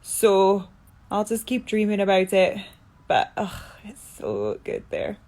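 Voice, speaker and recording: A woman's voice: big pitch swings, slow, darkish tone. Sleepy Scottish woman chatting. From Scotland. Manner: low-energy, sleepy, chatty. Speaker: actress answering fan questions. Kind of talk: casual Q&A chat. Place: indoor room during quarantine.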